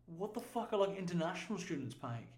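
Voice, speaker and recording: A man hosts a podcast in a relaxed, easygoing way. His speech is loose and informal, with plenty of "dude" and casual swearing. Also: high voice, fast. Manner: laid-back, swears, says "dude". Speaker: podcast host.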